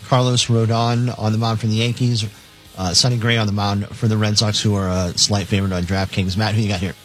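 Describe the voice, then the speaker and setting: A man's voice: fairly low pitch, flat delivery, fairly quick, fairly bright tone, faint music behind. A man on a radio show reading out betting lines in a matter-of-fact way, with many fillers.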